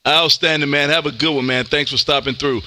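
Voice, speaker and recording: A man from Texas, a ham radio operator streaming live, talking loud and energetic as he makes contacts and calls "man" after almost every phrase. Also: fairly high pitch, brisk, very noisy. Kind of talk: on-air radio contacts and chat. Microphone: close studio mic with headphones.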